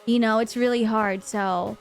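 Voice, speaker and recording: A woman's voice: a little high, fairly even intonation, unhurried, smooth. A woman from Bahrain, over twenty-five, chatting animatedly to her live stream audience and acting out the voices in her story. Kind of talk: casual storytelling to a live chat.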